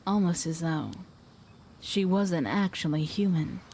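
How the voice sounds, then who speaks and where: A woman voicing a brisk, modern-minded young female diver, reading game dialogue aloud with a light put-on accent. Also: lowish voice, warm tone, a little hiss or hum, voice pushed down. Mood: matter-of-fact.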